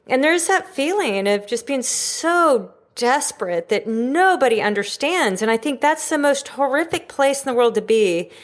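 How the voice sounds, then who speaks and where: A woman hosting a podcast interview, responding thoughtfully and thinking aloud in a sympathetic way. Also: mid-range voice. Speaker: podcast host. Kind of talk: conversational interview.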